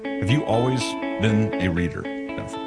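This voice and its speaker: A man's voice: fairly low pitch, normal speed, loud music behind the voice. A man co-hosting a podcast, chatting casually and rambling with restarts. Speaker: podcast co-host. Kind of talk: casual chat.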